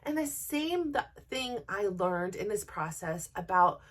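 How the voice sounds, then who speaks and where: A woman's voice: medium pitch, big pitch swings, measured pace, a bit bright, distant mic. A woman hosting a podcast, talking candidly and earnestly to her listeners in a personal motivational monologue. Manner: earnest, open and personal, speaking directly to listeners. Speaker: podcast host.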